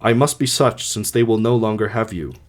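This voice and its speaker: A man voicing a grieving king in his own middle-pitched voice, reading earnestly for an amateur audiobook. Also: fairly quick, lightly acted.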